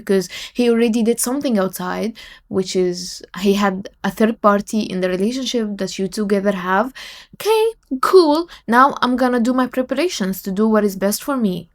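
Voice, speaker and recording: Woman lecturing on cheating guys, firm and preachy, says it over and over. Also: mid-range voice. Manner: preachy, emphatic, repeats advice. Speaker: commentator. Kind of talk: advice commentary.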